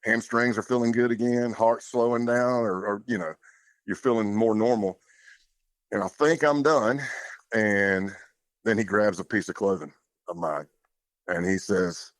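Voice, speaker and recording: A man's voice: on the low side, steady tone, unhurried, long pauses, dry recording. A man talking as a podcast guest, telling his story in a plainspoken, loose way with casual fillers. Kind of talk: conversational storytelling.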